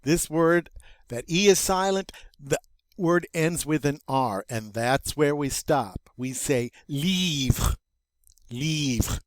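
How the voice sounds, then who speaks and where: A man's voice: fairly high pitch, takes it slowly, no room sound. A man teaching a recorded vocabulary lesson in a chatty, self-amused way, spelling out pronunciation for students. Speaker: French teacher.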